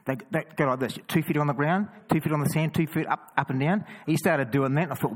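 New Zealand man telling lively road stories. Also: a little high, fast talker, few pauses, rough recording. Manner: lively, stumbling restarts, chatty asides. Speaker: cross-carrying Christian walker. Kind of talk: casual storytelling testimony.

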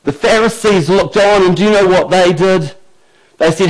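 A male pastor preaching a sermon in an emphatic, deliberate way. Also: high voice, low-quality recording.

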